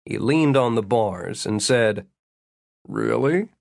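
A man's voice: mid-range voice, animated, moderate pace, no room sound. Male audiobook narrator, dry close sound. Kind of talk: scripted narration.

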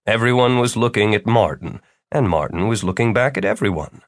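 Male narrator, wry storytelling, lively pitch, dry close sound. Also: a little fast, no echo. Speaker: audiobook narrator. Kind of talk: scripted narration.

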